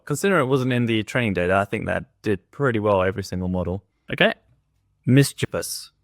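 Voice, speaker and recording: A man hosting a tech video, giving relaxed, tentative verdicts in casual commentary and calling his own reading voice monotone. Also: lowish voice, fast, no echo, clean studio sound.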